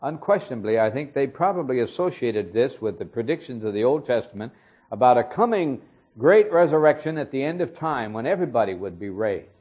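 A man preaching an expository sermon, explaining a Bible passage verse by verse in a measured way. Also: medium pitch, sing-song, slightly rough. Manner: measured, explanatory, with occasional fillers. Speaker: Bible teacher. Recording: dull lo-fi recording.

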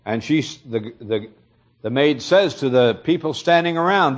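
Earnest guy preaching a sermon, mid pitch, muffled old recording. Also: lively intonation, unhurried. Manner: earnest, expository storytelling with rising emphasis.

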